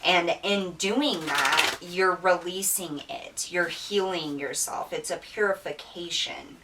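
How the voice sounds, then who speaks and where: Woman tarot reader, emotional and earnest, lowish voice, repeats herself. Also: slow pace, distant mic, noisy background. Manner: earnest, repetitive, with many fillers and restarts. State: emotional, near tears. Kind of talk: spiritual tarot reading monologue.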